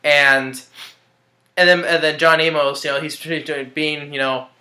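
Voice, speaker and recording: A man's voice: fairly high pitch, fairly even intonation, measured pace, pushed and bright. A man casually recapping a film in a rambling, hesitant way, with frequent restarts and chuckles. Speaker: movie reviewer. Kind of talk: casual spoken movie review. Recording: roomy echo.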